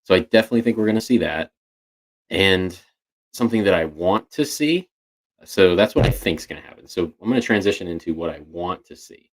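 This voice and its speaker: A man's voice: sits low, animated, brisk. A man co-hosting a podcast, chatting casually and thinking aloud with frequent restarts. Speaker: podcast co-host. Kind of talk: casual chat.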